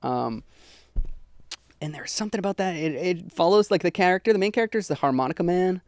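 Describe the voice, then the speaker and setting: A man's voice: high voice, animated, fast talker. A young man, a podcast guest, chatting casually and telling rambling stories with many likes and ums. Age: young adult. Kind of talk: casual chat.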